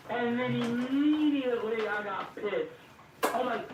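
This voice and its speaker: A young woman telling a story in casual chat, animated, swearing a lot and acting out both sides of an argument. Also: fairly high pitch, moderate pace. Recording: roomy, from a distance, faint noise.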